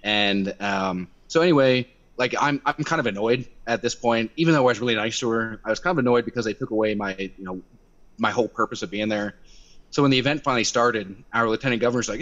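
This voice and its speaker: Animated young man on a dull call. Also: mid-range voice, fast talker. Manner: animated, swearing, acts out quotes by raising his voice. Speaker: activist guest. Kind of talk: casual storytelling on a video call. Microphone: video call. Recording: dull lo-fi video call audio.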